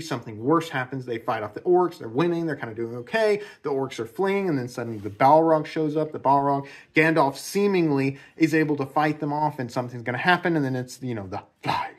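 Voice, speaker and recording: A man giving a casual spoken analysis of a novel, rambling and repeating himself, with many fillers. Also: mid-range voice. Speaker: book commentator.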